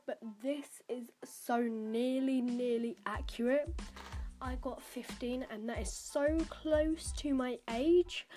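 A teenage girl chats casually as a podcast host. She rambles and fills pauses with little asides. Her voice sits a little high and has a soft, mellow warmth. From United Kingdom. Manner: chatty and rambling, many fillers and asides. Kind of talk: casual chat while taking an online quiz.

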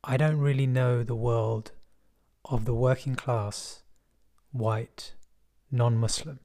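Wry, measured West London storyteller man. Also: medium pitch, fairly even intonation, dark tone. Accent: West London English. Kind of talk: personal storytelling.

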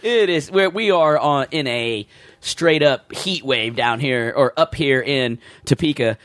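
A man's voice: mid-range voice, animated, measured pace, fairly bright tone, dry recording. A middle-aged man, rambling through stories in a casual chat and laughing often.

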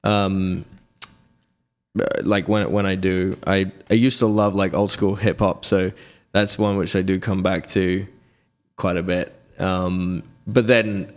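British guy, 30s, low register; measured, thoughtful podcast guest with deadpan humor. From United Kingdom. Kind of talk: casual interview chat.

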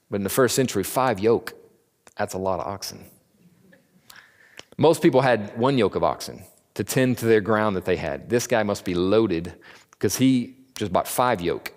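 A man with a fairly low voice leads a relaxed Bible lesson, chatting, joking and slipping into the voices of the people he describes. His words ring out with a long reverb, as if spoken in a big hall. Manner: conversational, jokey, acts out the characters in quick asides. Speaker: Bible teacher. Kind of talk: casual Bible teaching.

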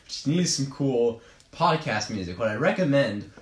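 A man's voice: mid-range voice, expressive, normal speed, roomy sound. A young man chatting as a podcast guest, joking and teasing and laughing often. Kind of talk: casual chat.

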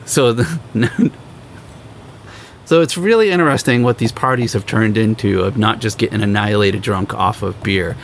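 A young man hosting a podcast, telling road stories in a casual, animated way and acting out other people's lines. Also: normal speed, gravelly, a little hiss or hum. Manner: animated storyteller, acts out quoted people in higher voices. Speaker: podcast host. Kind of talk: casual storytelling chat.

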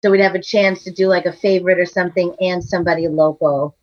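A woman's voice: on the low side, fairly even intonation, fast, no echo. Woman co-host from Massachusetts, chatty, dry close sound, slightly dull. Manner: chatty, laughs often, slips into playful put-on accents. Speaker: podcast co-host. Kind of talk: casual chat.

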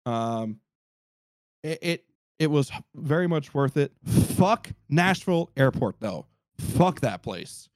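Man, podcast storyteller, lively swooping voice, slightly high, dry close sound. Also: dry recording. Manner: animated, profane, acts out quotes.

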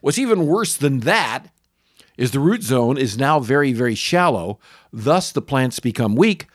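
A middle-aged man hosting a podcast, telling a casual story about lawn care with animated swings into high exclamations. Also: measured pace, no echo, clean studio sound.

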